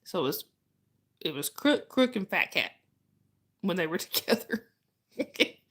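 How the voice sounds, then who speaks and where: A woman's voice: fairly low pitch, big pitch swings, unhurried. A woman hosting a casual livestream, telling a story and chatting with viewers, laughing often and restarting sentences. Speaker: livestream host. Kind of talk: casual live chat storytelling.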